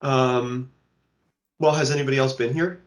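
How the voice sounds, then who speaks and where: A man's voice: medium pitch, steady tone, normal speed. A man playing a tabletop game, speaking hesitantly in and out of character, repeating words. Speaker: player.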